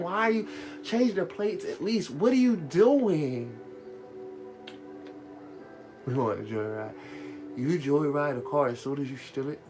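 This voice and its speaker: A man with a slightly raised voice tells stories in a profane, animated rush. He hosts a live radio show and chats casually. Faint music plays behind him. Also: a little high. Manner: profane, animated, laughing storytelling. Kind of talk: casual storytelling rant.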